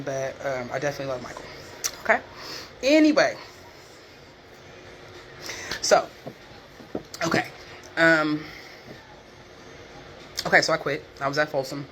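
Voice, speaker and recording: A woman's voice: deep voice, slight background noise. A woman from Northern California chatting candidly to her viewers, swearing freely and acting out the people in her stories. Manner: candid, profane, animated retelling with quoted voices. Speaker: vlogger. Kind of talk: casual storytelling chat.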